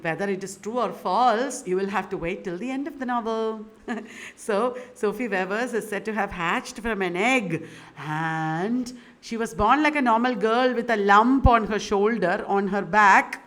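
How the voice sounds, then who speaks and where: A woman's voice: mid-range voice, measured pace, a bit bright. A woman giving a literature lecture in a chatty way, often laughing and putting questions to her students.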